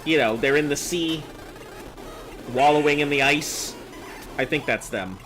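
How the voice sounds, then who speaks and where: A man's voice: fairly high pitch, unhurried, over music. A man streaming live, chatting casually with viewers, reading chat messages aloud and joking as he goes.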